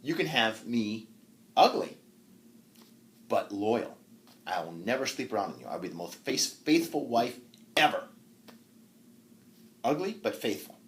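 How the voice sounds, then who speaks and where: A man's voice: medium pitch, very animated, unhurried, pauses often, a bit bright. A man voicing a shrewd, teasing old woman, a hag, in a retold tale; he speaks slyly and mockingly. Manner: sly, mocking.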